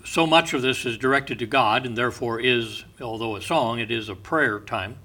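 Male pastor, sermon delivery, bright tone, unhurried storytelling with soft asides. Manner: unhurried storyteller, often dropping to a soft, low voice.

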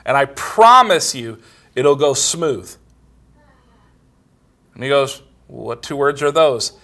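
A middle-aged man preaches a sermon in a mid-range, fairly bright voice, speaking slowly yet very animatedly. He tells everyday stories plainly and conversationally, quoting what others said.

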